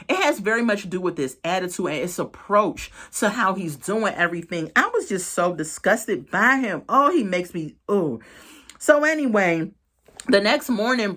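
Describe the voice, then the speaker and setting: Outraged woman recapping reality TV. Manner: expressive, outraged, swings pitch for emphasis. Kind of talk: casual commentary.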